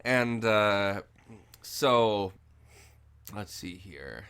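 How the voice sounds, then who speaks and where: A young man with a bright, crisp voice rants his way through a movie review, a bit drunk and swearing freely. The sound is dry and close, with no room around it. He talks casually and mocks what he dislikes. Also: on the low side, expressive, drawn-out words, no echo. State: tipsy from drinking. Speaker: movie review podcast co-host.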